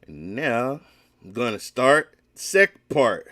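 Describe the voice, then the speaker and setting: A man's voice: mid-range voice, very animated, slow pace, pushed and bright, no echo. A man hosting a casual solo gaming podcast, rambling and emphatic, with many restarts.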